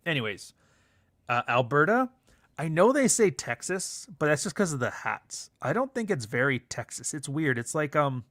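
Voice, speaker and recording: A man's voice: on the high side, sing-song, moderate pace, a bit bright, no room sound, clean studio sound. A man from Canada chatting casually on a livestream, rambling and profane, reading out chat comments as he goes. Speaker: livestream host.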